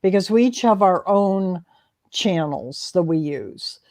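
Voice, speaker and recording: A woman working as a hypnotherapist, explaining in a calm, soothing way with many restarts during a panel discussion. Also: fairly low pitch, slow pace.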